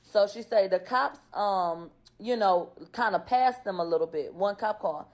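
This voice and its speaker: A woman recaps court testimony in loose, casual commentary. She is blunt and profane and keeps putting questions to her viewers. Her voice sits at an ordinary, mid-range pitch. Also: measured pace.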